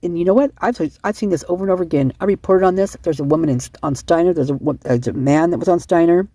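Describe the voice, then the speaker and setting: Woman, husky, mellow tone, dry recording, rambling emotional commentary, sleep-deprived. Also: fairly low pitch, fast, no echo. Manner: rambling, many restarts, emotional. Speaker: online commentator.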